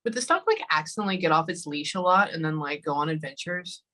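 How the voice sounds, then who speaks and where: A woman in her thirties giving a spirit reading, talking haltingly and thinking aloud with many pauses. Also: low-pitched, animated, sharp tone, poor audio. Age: 30s. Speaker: psychic medium.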